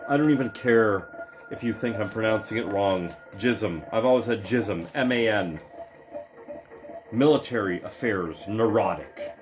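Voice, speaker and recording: A man in a casual, profane vlog monologue, excitable and emphatic, swearing constantly and firing off punchy lists. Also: on the low side, moderate pace, music in the background. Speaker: vlogger showing his record purchases.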